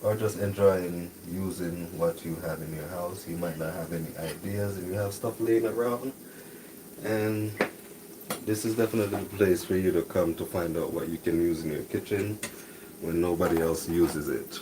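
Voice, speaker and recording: A very deep-voiced man hosting a cooking stream from his home kitchen. He talks softly and chats easily with his viewers. Sizzling and boiling pans are plainly heard behind him. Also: normal speed, background noise. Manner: talks softly, relaxed and chatty. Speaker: cooking channel host. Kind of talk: soft-spoken live cooking stream chat.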